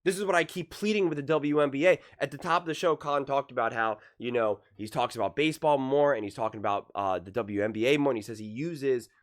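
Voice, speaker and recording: A man's voice: medium pitch, quick pace, hardly any pauses. A man ranting in a reaction commentary on sports, heated and repetitive.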